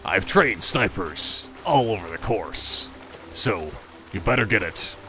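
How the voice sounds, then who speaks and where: A menacing modern mob boss, as a man puts him on, drawling slow, low threats while the rest of his talk swings in lively pitch. The voice hangs back, a little distant from the mic. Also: soft background music, heavily acted. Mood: threatening. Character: menacing new-age male mob boss.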